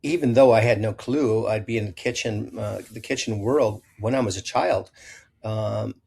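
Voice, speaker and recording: A man's voice: fairly low pitch, moderate pace, gravelly, husky. An older man from Illinois, a chef being interviewed, telling rambling childhood stories with many restarts and quoted voices. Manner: rambling, self-correcting anecdotes with animated quoted voices. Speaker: chef guest. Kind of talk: storytelling interview.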